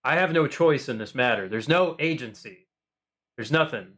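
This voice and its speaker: A man's voice: mid-range voice, animated, unhurried, fairly bright tone. A man hosting a livestream, chatting casually and playfully with his viewers, rambling with frequent ums and repeated phrases. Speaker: livestream host. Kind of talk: casual chat with live viewers.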